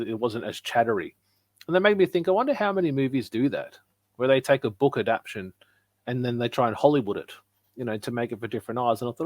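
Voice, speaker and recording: Co-hosting a podcast, a man with a mid-range voice chats casually and tells stories, acting out the lines his wife said. The recording has no echo.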